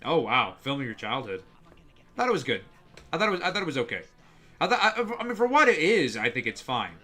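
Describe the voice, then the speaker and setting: Bright-voiced young man rambling on stream. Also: on the high side, fast. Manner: rambling, heavy use of "like", excitable reactions. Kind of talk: casual reaction stream.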